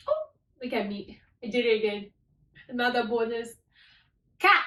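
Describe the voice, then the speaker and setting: A woman's voice: mid-range voice, a bit bright, roomy sound, recorded from a distance, poor audio. A woman teaching a language lesson, upbeat, spelling out words letter by letter. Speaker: French teacher.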